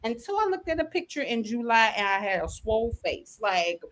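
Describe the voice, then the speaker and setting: A woman hosts a faith talk show in a bright, high voice. She tells stories in an animated, slangy way and jumps into acted-out quotes. She leans on "you know what I'm saying?" again and again. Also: a little fast. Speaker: podcast host.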